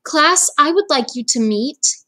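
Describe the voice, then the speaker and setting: A woman reading aloud, voicing a school principal who gushes warmly and calls a class to order. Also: high voice, expressive, unhurried, voice pushed up, exaggerated voice. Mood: gushing. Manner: gushing, bossy. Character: gushing, brisk female school principal.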